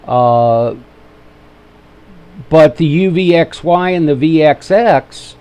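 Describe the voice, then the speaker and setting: A man with a slightly high, mellow voice talks at a slow pace. Hosting an easygoing live trading webinar in an Ohio accent, he jokes with viewers and tinkers with the levels of his desk microphone while adjusting it.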